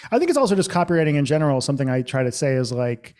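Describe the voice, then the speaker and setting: A man's voice: medium pitch, big pitch swings, a little mellow. A man hosting a podcast, talking casually and bluntly, with plenty of swearing and filler words. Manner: fast, blunt and profane, lots of fillers. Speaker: podcast host.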